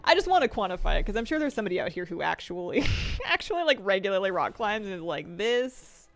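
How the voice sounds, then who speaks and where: A woman's voice: mid-range voice, sing-song, quick pace, fairly bright tone. A young woman streaming a game, chatting playfully and rambling with self-deprecating jokes and frequent laughs. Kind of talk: casual stream chat.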